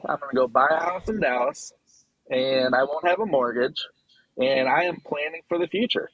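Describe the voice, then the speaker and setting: A man's voice: medium pitch, normal speed, dull audio. A middle-aged man calling in to a political argument, defiant and sarcastic as he pushes back. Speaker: caller.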